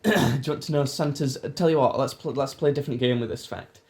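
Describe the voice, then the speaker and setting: A man's voice: mid-range voice, fast talker, gravelly, darkish tone. A young man from England hosting a casual podcast, teasing his friend and laughing often. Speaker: podcast host. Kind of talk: casual chat.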